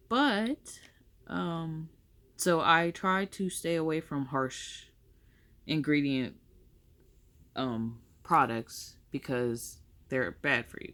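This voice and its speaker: A woman's voice: sits low, a bit bright. A young woman chatting casually through her makeup tutorial, rambling and correcting herself as she goes. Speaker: makeup vlogger.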